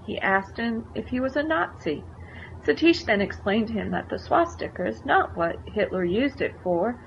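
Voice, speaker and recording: A woman narrates a life story in a conversational way, stopping to explain things to the listener. The recording is dull and lo-fi, with a faint hiss underneath. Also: mid-range voice.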